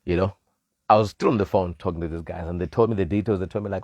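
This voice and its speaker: A man with a lowish voice tells a story from his own life in an easy, chatty way. He is animated, laughs a lot and slips into the voices of the people in his tale. The sound is dry and close. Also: fast talker, dry recording. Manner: animated, laughs often, acts out quoted voices. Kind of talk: casual storytelling. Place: live stream.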